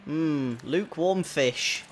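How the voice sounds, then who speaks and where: A man's voice: on the high side, slow pace, slight background noise. A man chatting casually and jokily while playing a video game. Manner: chatty, jokey, self-amused. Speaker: gaming video host. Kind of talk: casual let's-play commentary. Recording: voice over in-game music.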